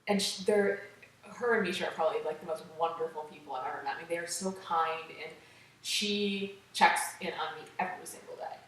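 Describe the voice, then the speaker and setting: A chatty woman guest tells a story, acting out what people said and peppering it with "like". Her voice sits a bit low and comes from a distance in a very echoey room. A faint hiss runs under it. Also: fairly quick. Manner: animated, acts out quotes, many "like"s. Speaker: interview guest, runner. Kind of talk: casual storytelling in an interview.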